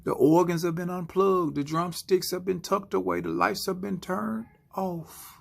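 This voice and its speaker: A man giving a spoken-word motivational sermon, slow and dramatic, often dropping into hushed whispers. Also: high voice, steady tone, creaky. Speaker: motivational speaker.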